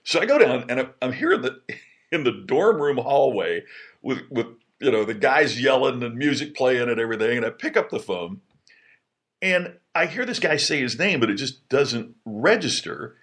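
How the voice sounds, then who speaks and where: A middle-aged man tells a personal anecdote in a loose, chatty monologue. His voice sits at a middle pitch but ranges widely, often leaping up when he is excited. He restarts his sentences a lot as he goes. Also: normal speed. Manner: animated, lots of restarts, jumps high in pitch when excited. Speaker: podcast host telling a personal story. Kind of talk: casual storytelling monologue.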